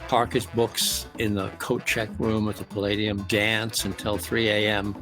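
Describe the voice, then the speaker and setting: A man's voice: fairly low pitch, level tone, a little slow, music in the background. A man who is the guest on an interview show, telling stories with eager enthusiasm and piling up examples. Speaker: guest author and music producer. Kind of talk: interview storytelling.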